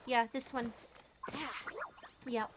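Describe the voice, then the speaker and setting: A young woman with a high voice, chatting to viewers while she plays a cozy game. She gushes sweetly, laughs softly and often clears her throat. A faint hiss sits under the recording. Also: flat delivery, extremely slow. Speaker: streamer. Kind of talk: casual gameplay livestream chat. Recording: faint background noise.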